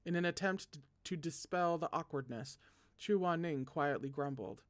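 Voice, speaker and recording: Man, higher voice, reading a novel aloud, lively asides, laughs at the text. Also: moderate pace. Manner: animated, breaks off to joke and laugh. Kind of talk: read-along narration with asides.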